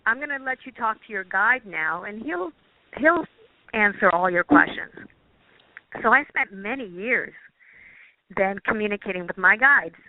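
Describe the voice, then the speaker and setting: A woman guest, a quantum healing practitioner, telling a personal story in an earnest, halting way, often restarting her phrases. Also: medium pitch, expressive, no room sound. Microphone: phone or call line. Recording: tinny dry phone line.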